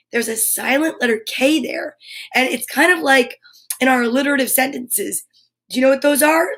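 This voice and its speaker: A woman's voice: high-pitched, fairly bright tone. An American woman hosting a live children's lesson show, bubbly and enthusiastic, greeting young viewers by name. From United States. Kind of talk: live-streamed kids' lesson.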